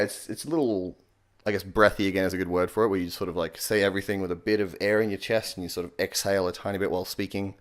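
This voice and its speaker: A man with an Australian accent giving a joking voice tutorial in a deadpan, sarcastic way, swearing casually. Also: sits low, rapid-fire. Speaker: comedy YouTuber.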